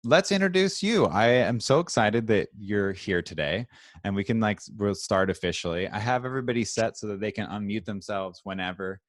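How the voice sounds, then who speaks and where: A man with a lowish voice hosts a casual livestream chat over a video call. His sound is dry and close, with no room around it. He talks in upbeat, scattered bursts and keeps interrupting himself. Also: brisk, dry recording. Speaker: host.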